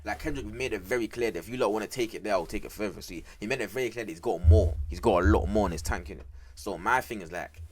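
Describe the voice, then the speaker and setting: Young man, slightly low voice, rapid-fire slangy reaction commentary, animated. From United Kingdom. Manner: animated, slangy, repeats "bro" and "I can't lie". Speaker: music reaction streamer.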